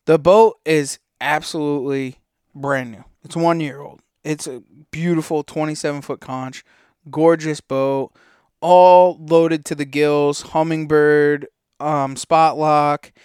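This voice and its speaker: Guy on a podcast rambling thru a story, kinda high voice, smooth and clean, dry close sound. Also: fairly even intonation, takes it slowly, a little mellow, dry recording. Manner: loose and rambling, full of fillers and swearing. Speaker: podcast co-host. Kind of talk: casual storytelling.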